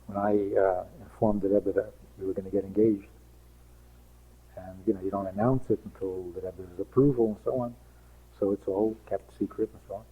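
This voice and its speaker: A man's voice: deep voice, steady tone, moderate pace, slightly rough, narrow, tinny audio. A man, a rabbi, giving an emphatic teaching talk full of rhetorical questions and acted-out quotes.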